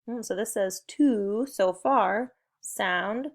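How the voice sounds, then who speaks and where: With a medium-pitched voice at ordinary speed, a young woman teacher guides little children through a recorded spelling and phonics session, keeping it cheerful and encouraging through call-and-response.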